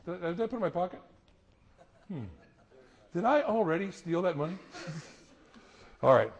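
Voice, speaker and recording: A middle-aged man speaks to an audience as a motivational speaker, his voice sitting a little high. He tells stories with animation and laughs along with them. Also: animated, moderate pace, creaky, muffled recording. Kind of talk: live talk to an audience.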